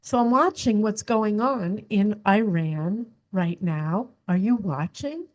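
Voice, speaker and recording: A woman's voice: medium pitch, expressive, takes it slowly. A woman hosting a religious podcast, lecturing her listeners with rhetorical questions and teasing asides. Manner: teasing, chuckles at own remarks. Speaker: podcast host. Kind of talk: religious commentary monologue.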